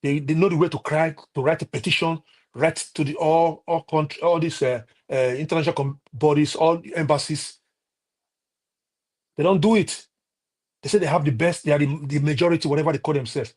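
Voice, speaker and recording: A man with a Nigerian accent giving heated political commentary on a live stream, scolding and halting with many restarts. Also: a little high, fairly even intonation, a little mellow.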